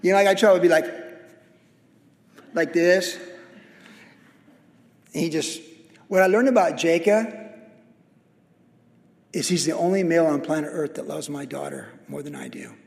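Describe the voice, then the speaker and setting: A man's voice: fairly high pitch, unhurried, gravelly, pauses often. A middle-aged man who is a pastor, giving a sermon in a conversational, anecdotal and humorous way. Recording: reverberant hall.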